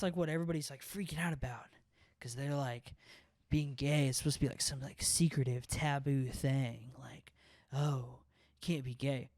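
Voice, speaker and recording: A man's voice: on the high side, dry recording, clean studio sound. A young man co-hosting a podcast, talking in a casual, rambling way, swearing often and filling his speech with "like" and "right?". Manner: profane, rambling, filler-heavy with constant "like" and "right?". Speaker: podcast co-host.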